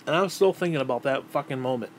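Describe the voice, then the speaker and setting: A man's voice: mid-range voice, fast talker, slight background noise. A man in his thirties telling a childhood memory in a casual, rambling way, cursing often and stumbling over repeated words. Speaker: vlogger. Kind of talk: casual storytelling.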